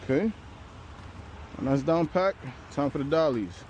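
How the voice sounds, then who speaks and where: A channel host towing a car speaks unhurriedly in a fairly high voice, the highs cut off in the audio. Breathless yet relaxed, he walks viewers through the job outdoors and in his pickup, cursing now and then amid faint traffic noise.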